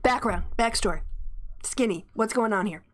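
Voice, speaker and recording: A woman's voice: on the high side, normal speed. A woman host in casual commentary, reading news aloud with gleeful, chatty asides. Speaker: livestream host.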